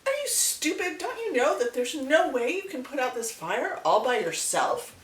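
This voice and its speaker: A woman voicing an exasperated male monkey who scolds with shrill, rapid questions. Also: big pitch swings. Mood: incredulous scolding. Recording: echoey room, distant mic.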